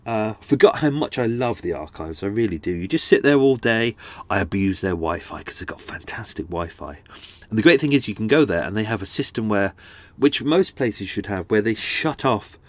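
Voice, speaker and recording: Rambling podcast host, male, lowish voice, stuffy nose, dry close mic. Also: expressive, moderate pace, no echo. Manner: waffly, chatty, self-deprecating, lots of restarts. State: blocked-up nose. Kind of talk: casual rambling chat. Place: on a houseboat. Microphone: close studio microphone.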